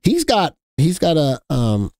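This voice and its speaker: A man's voice: on the high side, huge pitch swings, a little slow, darkish tone, no echo. Chatty man hosting a dry-sounding market livestream. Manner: chatty, joking with chat, colloquial. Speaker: stock market livestream host. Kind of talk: casual live market commentary.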